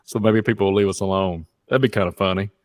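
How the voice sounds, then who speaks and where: Co-host, male, low and dry, relaxed and laughing. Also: fast, no room sound. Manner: laid-back, laughing often. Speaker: radio co-host. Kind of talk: casual live radio chat.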